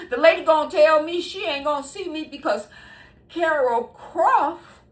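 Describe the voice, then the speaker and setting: Speaking slowly in a high-pitched voice, this sixty-something woman hosts her own program. She talks directly to the audience in an easygoing, emphatic, lively monologue, often laughing between lines.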